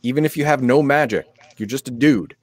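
A man co-hosting a tabletop game live stream in casual chat, halting with frequent restarts, somewhat sick. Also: mid-range voice, no room sound.

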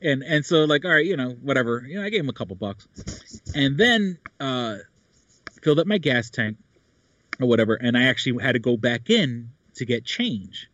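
A man's voice: mid-range voice, expressive, moderate pace, a bit bright, dry recording. A man in casual chat, rambling with many fillers and restarts. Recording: dull, dry sound.

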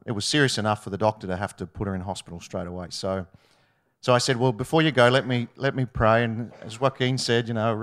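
A man's voice: on the low side, a bit bright. A middle-aged man from Australia, chatty, with many fillers and restarts, telling a storytelling testimony at a church meeting. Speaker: church member sharing a testimony.

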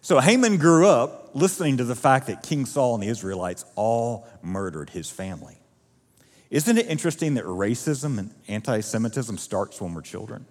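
Animated male pastor in a reverberant hall. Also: medium pitch, normal speed. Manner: animated storytelling, acting out quoted voices. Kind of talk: sermon. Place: church auditorium.

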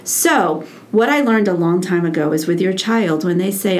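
Animated woman educator telling stories. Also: mid-range voice, moderate pace, slight background noise. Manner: acts out quoted dialogue with lively repetition. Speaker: early childhood educator. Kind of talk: animated conversational storytelling.

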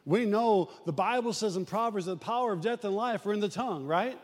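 A man preaching a sermon to a church, animated and acting out the voices he quotes. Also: a little fast, long reverb tail. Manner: animated preaching, acts out quoted voices, rises and drops in pitch.

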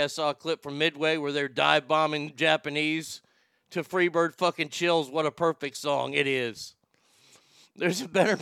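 A man's voice: fairly high pitch, gravelly, bright, forceful tone, clean tone, no echo, clean studio sound. A man hosting a casual morning radio show, reading listener messages in a brash, profane, joking way and often stammering.

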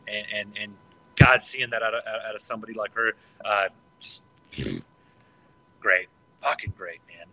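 A man in casual podcast chat, excitable and swearing freely, tripping over his words and restarting often. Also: fairly low pitch, unhurried, long pauses, rough recording. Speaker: podcast co-host.

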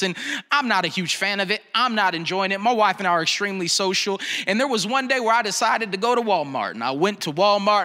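A man's voice: high-pitched, sharp tone. A young adult man, a pastor, preaching a sermon in a candid, conversational storytelling way, speaking directly to his congregation. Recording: long reverb of a large room.

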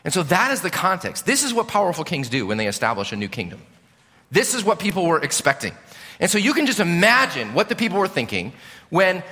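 Male pastor, lively storytelling sermon, bright voice, big church reverb. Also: fairly high pitch. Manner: animated storytelling, rising and falling. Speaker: preacher. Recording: long reverb of a large hall.

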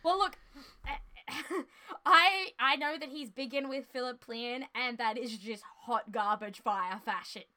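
A woman's voice: a little high, measured pace, pushed and bright. A woman co-hosting a podcast in casual chat, giggly and teasing, with many fillers. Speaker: podcast co-host.

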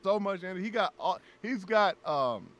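Animated, laughing man telling stories. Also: sits high, moderate pace, highs cut off. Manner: animated storyteller, laughs often, repeats phrases. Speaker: guest voice actor. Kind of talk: casual podcast chat.

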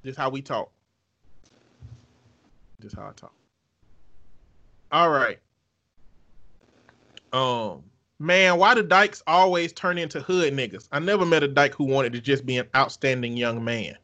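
A man's voice: medium pitch, unhurried, long pauses, pushed and bright, lo-fi sound. A man co-hosting a podcast in casual chat, joking, cursing freely and laughing often. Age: adult with children. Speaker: podcast co-host.

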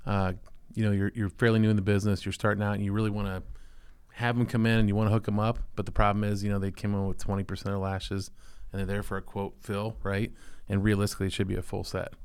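A man rattling off advice at a quick clip, joking and playing out little scenes with customers. His voice is lowish and smooth. It is recorded close and dry. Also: dry recording. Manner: fast, joking, animated storyteller. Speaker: podcast co-host, lash business partner. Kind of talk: casual business chat.

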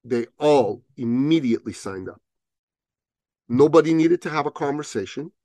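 An animated male podcast guest tells a story during an interview, acting out the voices of the people he quotes. His voice sits in the mid-range at a moderate pace, with no room sound.

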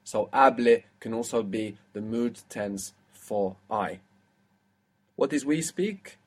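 Man, language teacher, patient, step-by-step explanations, mid pitch. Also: animated, slow. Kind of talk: spoken language lesson.

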